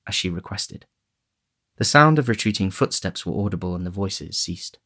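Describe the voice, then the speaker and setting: A man reading a classic novel aloud as audiobook narrator, even and unhurried. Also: on the low side. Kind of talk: scripted narration.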